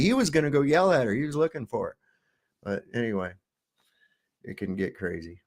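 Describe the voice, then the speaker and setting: Brief: man, mid-pitched, loose profane storyteller, call audio. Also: lively intonation, a little fast, a little mellow. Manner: swearing, chatty storyteller. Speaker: debater. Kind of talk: casual anecdote-telling.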